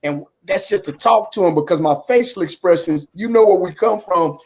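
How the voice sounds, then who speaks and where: A man in his fifties tells his story as an interview guest, speaking through a computer on a video call. His voice sits a touch higher than most men's. He acts out both sides of past conversations and keeps dropping in "man.". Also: normal speed, darkish tone. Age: 50s. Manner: acts out dialogue, drops in "man" a lot.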